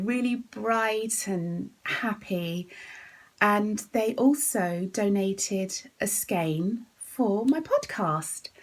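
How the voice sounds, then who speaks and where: Slow, breathy chatty woman podcaster. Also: medium pitch, poor audio. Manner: chatty, giggly, often drops to a soft whisper. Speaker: podcast host. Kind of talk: casual chat about knitting.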